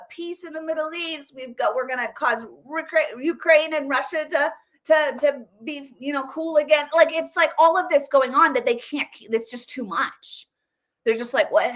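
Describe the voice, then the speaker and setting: Excited woman with lots of restarts. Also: high-pitched. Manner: excited, repeats words and restarts often. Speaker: political commentary host. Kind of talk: casual political commentary.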